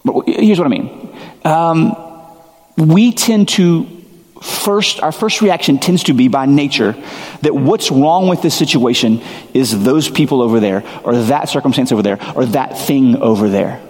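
A man's voice: mid-range voice, a little slow, darkish tone, big-room sound. A middle-aged man preaching a sermon as pastor, conversational and self-deprecating in his storytelling.

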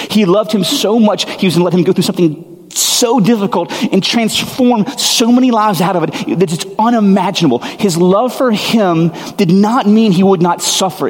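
A man's voice: a little high, husky. A man preaching a sermon as a pastor, earnest and emphatic, often repeating his phrases for weight. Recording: long hall reverb.

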